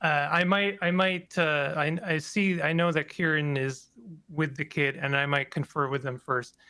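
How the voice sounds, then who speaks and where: A man playing in a tabletop game, thinking aloud in a halting way with many restarts. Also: on the high side, fairly even intonation, pushed and bright, clean tone. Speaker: player. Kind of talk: casual tabletop play.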